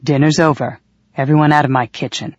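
A man's voice: a little high, steady tone, brisk, no room sound, muffled recording, close to an everyday voice. A woman doing a blunt head cook, a man. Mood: plain. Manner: blunt, commanding.

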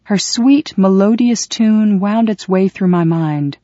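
Male audiobook narrator, steady and dramatic, mid-range voice, dry and slightly muffled. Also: high voice, slow pace, no room sound. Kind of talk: first-person audiobook narration.

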